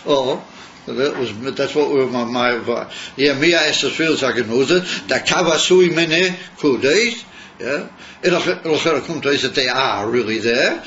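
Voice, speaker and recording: A man explains religious texts to a class in a halting way, often repeating himself. His voice sits at a middle pitch. The class recording sounds muffled, with faint background noise. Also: lively intonation, a bit bright. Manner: halting, repeats words, mixes Hebrew terms. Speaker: teacher. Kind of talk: Chassidus class.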